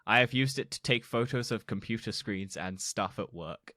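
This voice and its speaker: A man's voice: on the low side, normal speed, bright, forceful tone, no echo, studio quality. A young man co-hosting a podcast, talking bluntly with crude asides in casual chat. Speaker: podcast co-host.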